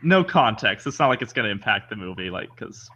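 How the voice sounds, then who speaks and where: A man's voice: on the low side, fairly quick, lo-fi sound, crowd noise. A man co-hosting a podcast in casual chat, rambling and correcting himself as he goes. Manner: rambling, self-correcting, animated. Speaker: podcast co-host.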